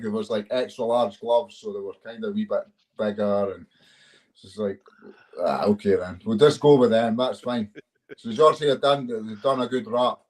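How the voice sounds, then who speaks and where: Scottish male fighter as interview guest, lowish voice, loose and profane storyteller. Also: darkish tone. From Scotland. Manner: swears freely, chuckles through his stories. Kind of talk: casual storytelling chat.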